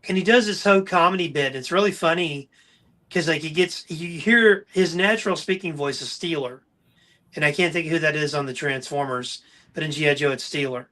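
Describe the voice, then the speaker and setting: A man hosting a casual podcast chat, his voice bright and a touch higher than most men's. He tells stories eagerly and keeps the talk lively and friendly. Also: fairly quick. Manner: enthusiastic storyteller. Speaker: podcast host.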